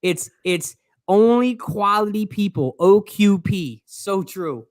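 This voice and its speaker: A teasing man co-hosting a casual live chat. His pitch swings widely as he jokes and cuts in, and the sound is close and dry. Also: lively intonation, slow, no room sound. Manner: teasing, playful, interrupts. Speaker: co-host. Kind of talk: casual livestream banter.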